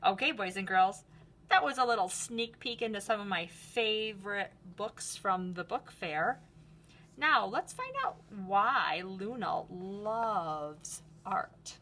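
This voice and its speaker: Slow, gentle woman reading to kids. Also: medium pitch, lively intonation. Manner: gentle, slow and enthusiastic, addressing children. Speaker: art teacher. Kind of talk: book read-aloud lesson for children.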